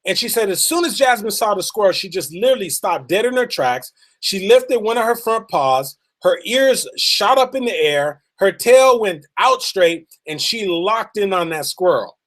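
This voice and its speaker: A man giving a motivational talk, telling a story in an earnest, emphatic way and drawing out key words slowly. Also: high voice, lively intonation, a bit bright. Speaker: motivational speaker.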